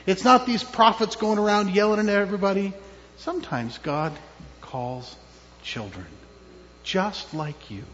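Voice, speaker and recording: A man's voice: sits high, a little hiss or hum. A man, a pastor, giving a children's sermon in a church, telling a story with questions to the kids. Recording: dull with long church reverb.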